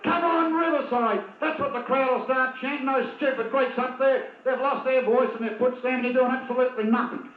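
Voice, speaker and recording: Australian male footy commentator, very high voice, excitable and biased, on a lo-fi, roomy 1980s tape. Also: a little fast, soft background music. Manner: openly biased, excitable, chatty. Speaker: match commentator. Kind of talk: live football commentary. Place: at a football ground. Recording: tinny, echoey 1980s video tape.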